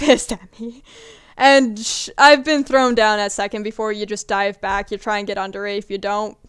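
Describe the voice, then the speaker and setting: A woman's voice: a little high, smooth. A young woman in her early twenties telling casual stories in a chatty way, swearing now and then and acting out what people said. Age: young adult. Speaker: vlogger. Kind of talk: casual storytelling.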